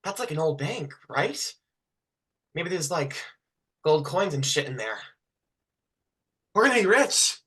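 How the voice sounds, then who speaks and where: A performer reading lines as an excited, crude teen dreaming of treasure. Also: mid-range voice, unhurried, pauses often, husky, heavily acted. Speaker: actor in a rehearsal.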